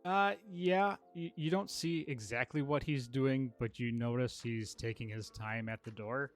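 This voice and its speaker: A man running a tabletop game as game master, narrating the action in a loose, rambling way. His voice is mid-pitched, with faint music under it. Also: a little slow.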